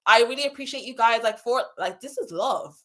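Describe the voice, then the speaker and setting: A woman's voice: on the high side, fast talker. Effusive woman streaming live. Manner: effusive and passionate, repeats herself, shouting out viewers. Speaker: spiritual coach and livestream host. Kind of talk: casual livestream chat reading out comments.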